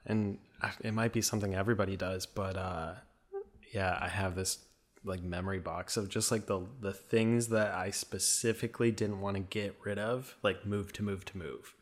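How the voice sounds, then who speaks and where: Lowish-voiced young guy, rambly. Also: steady tone, moderate pace. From American Midwest. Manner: rambling, full of "like" fillers. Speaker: podcast guest. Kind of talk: casual conversation.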